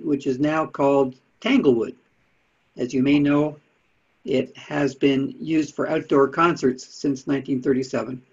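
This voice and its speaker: This man, who presents talks on Unitarian history, gives a casual, chatty slide lecture peppered with dry asides. His voice is a little high and slightly rough, and the recording has a dull lo-fi sound.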